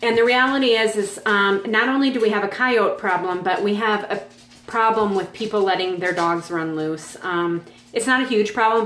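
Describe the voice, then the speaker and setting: Woman, 40s, casual rambling vlog host, mid-pitched, roomy echo with faint hiss. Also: a bit bright. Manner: chatty and rambling, with frequent fillers. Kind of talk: casual chat. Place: home on a farm.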